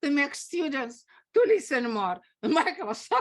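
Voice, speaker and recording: A woman from Russia with a Russian accent, an acting teacher telling stories in halting English and laughing often. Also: high-pitched, big pitch swings. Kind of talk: conversational storytelling.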